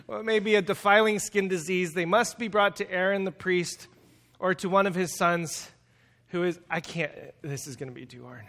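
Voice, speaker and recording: A man preaching a sermon as pastor, casual and animated, joking about the text he reads. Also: high voice, normal speed, big-room sound. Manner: animated and jokey, laughs at the text.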